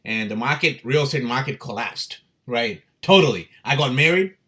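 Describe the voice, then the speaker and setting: A man hosting his own stream, telling his life story in a casual, animated way, swearing and laughing often. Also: mid-range voice, normal speed. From India. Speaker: crypto livestream host.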